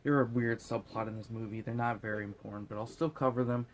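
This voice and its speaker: A man's voice: on the low side, steady tone, fast. A drunk man hosting a casual movie recap, rambling and swearing as he goes. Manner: rambling, swearing, laughing at his own jokes.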